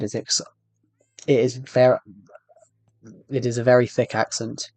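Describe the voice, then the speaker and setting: A man's voice: mid-range voice, little pitch movement, unhurried, darkish tone, dry recording. A man with a British accent chatting casually to viewers while livestreaming a game, rambling and talking to himself as he plays. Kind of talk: casual gameplay livestream chat.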